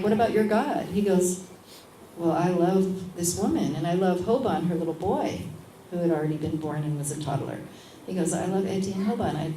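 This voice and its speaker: Lively storytelling woman, echoey room. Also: fairly low pitch. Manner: animated, acts out other people's lines. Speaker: guest, midwife. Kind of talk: casual storytelling at a live interview. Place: event space at a lunch gathering. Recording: echoey room with background noise.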